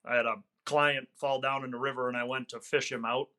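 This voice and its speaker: A man's voice: mid-range voice, flat delivery, brisk, pushed and bright. A middle-aged man, a hunting guide, telling a story in conversation, earnest and reflective, with some fillers and restarts. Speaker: hunting guide, podcast guest.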